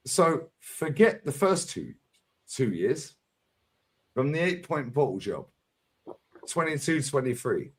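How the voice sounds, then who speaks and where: A middle-aged man, mid-rant on a livestream debate. His pitch swings widely as he argues, punching out points and tagging them with a pushy "yeah?". The delivery is combative and relentless. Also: sing-song, slow, long pauses, a little hiss or hum. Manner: combative, emphatic, constant "yeah?" tags. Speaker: fan channel streamer.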